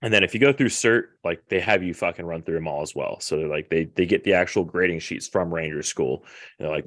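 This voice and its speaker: A man's voice: low-pitched, brisk, a bit bright, no room sound, clean studio sound. A man in casual podcast chat, laid-back and profane, talking matter-of-factly. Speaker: podcast co-host.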